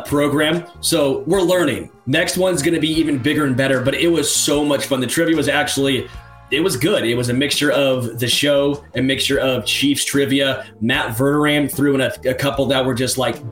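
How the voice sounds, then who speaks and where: A man co-hosting a sports podcast, talking in an animated, emphatic way. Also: medium pitch. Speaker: podcast co-host. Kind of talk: casual sports podcast chat. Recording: roomy echo.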